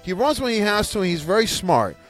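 A man's voice: high voice, big pitch swings, brisk, soft background music. A man hosting a casual podcast, ranting in a rambling, profane way with frequent restarts. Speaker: podcast host.

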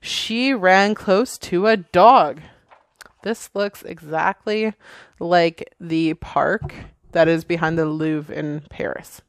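Slow, chatty woman reading a picture book. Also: lowish voice, dry recording, clean studio sound. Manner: slow and chatty, with playful asides. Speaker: reader.

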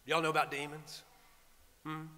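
A man, a priest preaching a sermon, telling the story in a lively way and talking straight to the congregation. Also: on the high side, normal speed. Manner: animated storytelling with asides to the congregation. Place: church. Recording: long church reverb.

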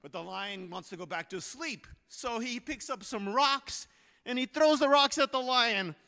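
A male pastor telling a sermon story with a high, very bright voice that swings from hushed to loud. The sound carries a long reverb from the church sanctuary. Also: a little slow, creaky.

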